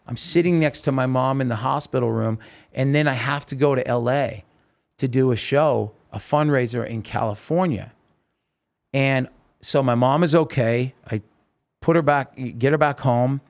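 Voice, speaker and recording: A man's voice: mid-range voice, normal speed, vocal fry. A man, a singer-songwriter, telling his own story in a podcast interview, earnest and rambling with many restarts.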